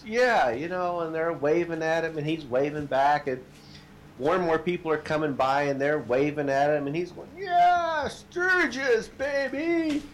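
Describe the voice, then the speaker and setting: Animated man telling a story. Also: on the high side, normal speed, slight background noise. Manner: animated storyteller, shouts quoted lines, laughs at own stories. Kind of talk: casual anecdote telling.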